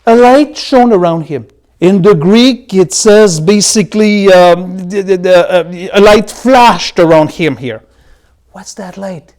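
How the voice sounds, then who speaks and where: A Bible teacher with a high-sitting voice leads a scripture study, swinging between loud emphasis and soft, hushed asides. He slows down to spell out and repeat key words.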